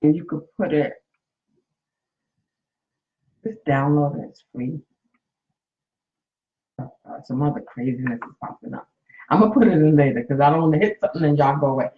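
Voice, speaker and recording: A woman's voice: deep voice, fairly quick. Woman, late fifties, coach and nurse talking openly to viewers on her phone; roomy, slightly muffled sound. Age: 50s. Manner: candid and emotional, speaks to viewers directly. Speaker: coach and nurse hosting a live stream. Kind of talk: casual live-stream talk.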